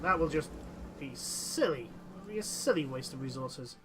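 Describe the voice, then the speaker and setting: A man's voice: on the high side, animated, normal speed, background noise. A man commentating a strategy game let's play, talking to his units and to the nations in the game and getting exasperated with them. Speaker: gameplay commentator.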